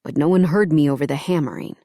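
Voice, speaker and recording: A woman narrator voicing a gentle man, a sheriff, speaking low, soft and tender, often close to a whisper. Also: fast talker, dry recording.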